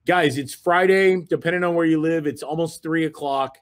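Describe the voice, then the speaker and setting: A man's voice: fairly high pitch, moderate pace. A man hosting a group video call, giving a rambling, enthusiastic motivational talk full of fillers and repeated phrases.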